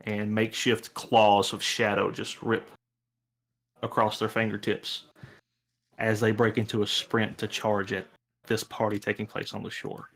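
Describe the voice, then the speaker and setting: A man running a tabletop game as game master, describing scenes in a relaxed, rambling way with many fillers. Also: lowish voice, a little slow.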